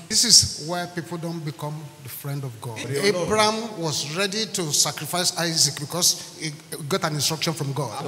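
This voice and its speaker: A man's voice: fairly high pitch, pushed and bright. A man preaching a sermon as pastor, acting out dialogue and breaking into song. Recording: echoey hall with music behind.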